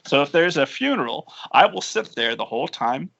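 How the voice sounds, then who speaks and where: A man's voice: on the high side, sing-song, fairly quick, gravelly, fairly bright tone, dry recording. A man from Indiana hosting a podcast interview in casual chat, joking and laughing easily. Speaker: podcast host. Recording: dull, dry lo-fi audio.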